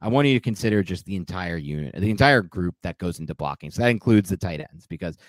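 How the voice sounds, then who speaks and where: A man co-hosting a casual sports podcast, quick and analytical, asking pointed questions. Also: low-pitched, animated, no echo. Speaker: podcast co-host.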